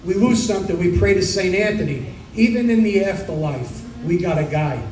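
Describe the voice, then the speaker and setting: A middle-aged stand-up comic from Brooklyn with a New York Italian accent, firing off quick one-liners with deadpan punchlines. His voice sits high for a man, and it reaches the mic from across a roomy club with a faint murmur of the room behind it. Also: slight background noise. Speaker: stand-up comedian. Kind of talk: stand-up comedy set. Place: comedy club stage. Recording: roomy club sound from a distance.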